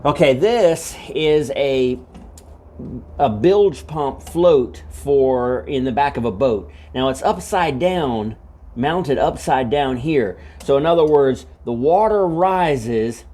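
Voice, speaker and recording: A man's voice: mid-range voice, a little mellow. A man walking through his homestead project in a casual how-to video, rambling and correcting himself as he goes, holding a handheld microphone. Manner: rambling, halting, with frequent uhs and self-corrections. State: out of breath. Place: outdoor homestead fodder house.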